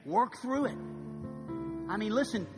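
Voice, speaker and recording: A pastor in his fifties preaching a sermon, shifting between hushed, quiet passages and loud, emphatic ones. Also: sits high, expressive, a little slow. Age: 50s. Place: church sanctuary. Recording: live church recording with long reverb and music.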